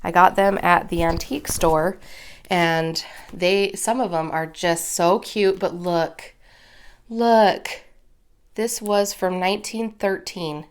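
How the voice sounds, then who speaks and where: Chatty lady doing a crafting tutorial, kinda low voice, takes her time, gushes over stuff. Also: steady tone, takes it slowly, clean tone. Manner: chatty, gushing, easily moved. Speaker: crafting video host.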